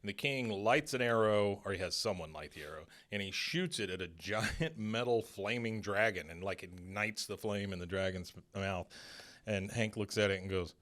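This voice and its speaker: A man's voice: on the low side, normal speed, fairly bright tone. A man co-hosting a podcast in a casual, laid-back chat, recapping an episode and acting out lines. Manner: laid-back, acts out quoted lines with bursts of laughter. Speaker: podcast co-host.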